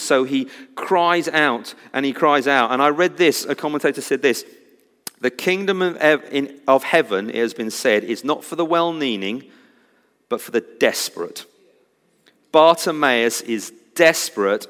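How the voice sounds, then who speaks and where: A man preaching a sermon, swinging from loud cries to hushed, intense moments. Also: mid-range voice, lively intonation, unhurried, big-room sound.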